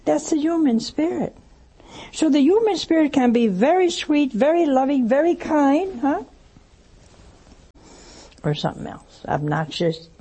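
A woman's voice: sits high, very animated, unhurried, long pauses, warm tone. An older woman, a nun and mother superior, giving a conversational religious teaching with homespun stories and questions to her listeners. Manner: conversational, anecdotal, asks audience questions.

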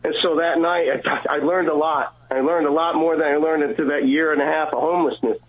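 A man speaks over a thin, tinny phone line, his voice sitting a little high. He tells his story earnestly, stumbling over restarts and acting out the lines of others. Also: fairly even intonation. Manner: earnest, halting storyteller who acts out dialogue. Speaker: guest caller. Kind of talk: telling a personal faith story.

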